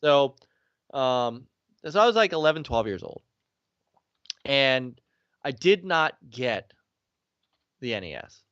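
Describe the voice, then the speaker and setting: Animated storytelling man in his forties. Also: slow, long pauses, no echo. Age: 40s. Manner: animated, acts out quotes with big pitch swings. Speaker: guest. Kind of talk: casual chat, storytelling. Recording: dry, slightly dull sound.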